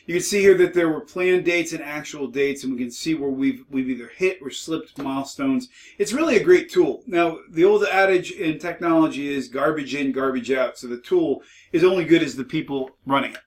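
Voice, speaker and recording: A man's voice: fairly high pitch, moderate pace. Man lecturing from a distance. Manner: conversational, mildly sarcastic, with restarts. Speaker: instructor. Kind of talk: recorded lecture.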